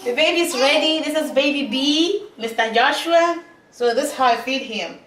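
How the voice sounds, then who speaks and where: A woman's voice: sits high, moderate pace, a bit bright. A woman, a mother of twins, chatting casually as she shows how she feeds her baby at home. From Africa. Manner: chatty, repeats "you see", laughs often. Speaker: mother of twin babies. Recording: roomy with faint noise.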